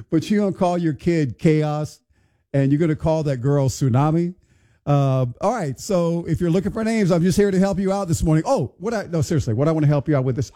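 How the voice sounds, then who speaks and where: A man's voice: a little high, mellow. A man hosting a morning radio show, chatting casually and wondering aloud in a bemused, conversational way. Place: radio studio.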